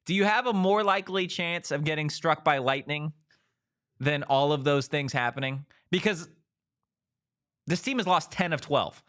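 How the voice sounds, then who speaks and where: A man hosting a casual sports talk show, firing off rhetorical questions in an animated way. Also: fairly high pitch, normal speed.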